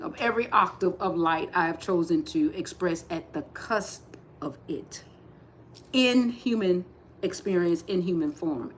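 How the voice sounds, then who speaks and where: A woman giving a slow, repetitive spiritual talk on a livestream, speaking with emphatic insistence. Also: medium pitch, slight background noise. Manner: rising to forceful insistence. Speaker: spiritual teacher.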